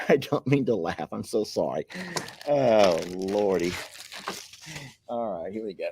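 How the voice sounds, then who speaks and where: A man's voice: fairly low pitch, animated, unhurried, pauses often, warm tone, slight background noise. A man, chuckling and grateful as he hosts a casual chat, reading viewer mail aloud. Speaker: channel host opening viewer mail.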